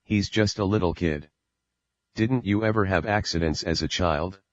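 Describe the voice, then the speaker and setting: A man's voice: deep voice, moderate pace, no echo, close to an everyday voice. A man reading a protective mother. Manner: pleading, then shouting back. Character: protective mother, adult woman, fierce defender. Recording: dull lo-fi recording.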